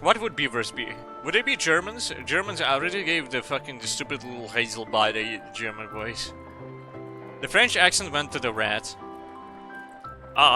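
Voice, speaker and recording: A man's voice: medium pitch, lively intonation, moderate pace, over music. A man streaming a game who chats casually, rambles, jokes and swears. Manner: profane, rambling, joking. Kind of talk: casual gaming stream chat.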